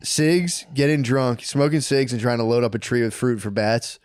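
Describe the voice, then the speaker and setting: A man's voice: moderate pace, no room sound, studio quality. Man telling stories on a comedy podcast. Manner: animated storytelling, acts out quoted people in a higher voice. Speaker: podcast co-host. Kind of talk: casual comedic chat.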